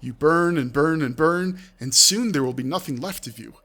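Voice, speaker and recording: A man's voice: a little high, moderate pace, pushed and bright. A man streaming live, reading out a text adventure and breaking off with offhand asides. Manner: reads aloud with offhand asides. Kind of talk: live-streamed game narration.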